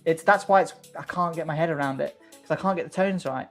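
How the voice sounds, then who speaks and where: A man co-hosting a livestream, talking in a halting, laid-back casual way with many restarts. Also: fairly high pitch, a bit bright, faint music behind. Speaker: livestream co-host. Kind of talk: casual chat.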